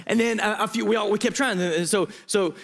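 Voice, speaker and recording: A man with a fairly high voice delivers a sermon. He speaks in an earnest, emotional and pleading way, and he often breaks off and restarts his sentences. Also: brisk, fairly bright tone. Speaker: pastor.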